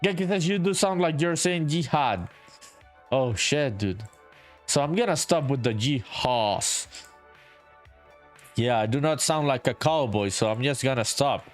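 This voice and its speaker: A man's voice: medium pitch, lively intonation, measured pace, long pauses, soft background music. A man streaming his indie game development, chatting casually with viewers, reading comments aloud, saying dude a lot and swearing freely. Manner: laid-back, swears often, calls everyone dude, reads chat aloud. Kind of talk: casual live-stream chat while working.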